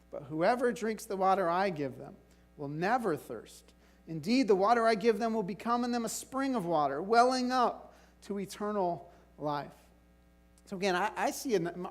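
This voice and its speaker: Conversational man preaching a sermon. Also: sits high. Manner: conversational, frequent "right?" and "like". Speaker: pastor.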